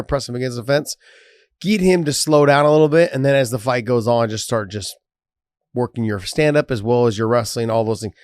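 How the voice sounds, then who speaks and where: A man's voice: medium pitch, no room sound, clean studio sound. A man co-hosting a sports podcast in loose, casual chat, swearing freely. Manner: loose, swears casually, reads sponsor promo. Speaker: podcast co-host.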